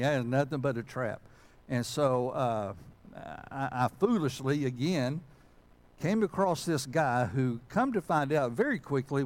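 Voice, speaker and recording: A man preaching as pastor, talking in a folksy, self-deprecating way and filling pauses with "uh". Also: mid-range voice, darkish tone. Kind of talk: conversational sermon and prayer.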